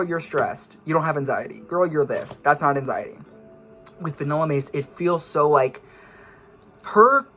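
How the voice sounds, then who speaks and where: A man's voice: on the high side, fairly bright tone. A young man, a vlogger and musician, talking in a casual rambling monologue, a little out of breath, jumping between tangents and poking fun at himself. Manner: scattered, tangent-prone, self-mocking. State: slightly out of breath.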